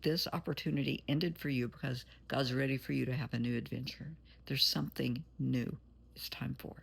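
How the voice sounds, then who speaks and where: A woman's voice: extremely low pitch, steady tone, moderate pace, creaky, husky. A woman therapist giving an earnest, motherly pep talk straight to her viewers, blunt at times. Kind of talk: encouraging direct-to-camera talk.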